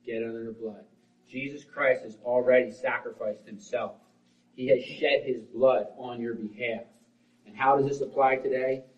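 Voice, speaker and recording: A man preaching a sermon as pastor, swinging between forceful, loud lines and hushed, quiet ones. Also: mid-range voice, steady tone, normal speed. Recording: roomy, distant, dull sound.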